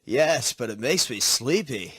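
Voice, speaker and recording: A man's voice: medium pitch, animated, unhurried, fairly bright tone, slightly rough, no room sound. A man reading scripted everyday lines for an English lesson in a plain manner. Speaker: dialogue reader in an English lesson. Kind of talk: scripted conversation for learners.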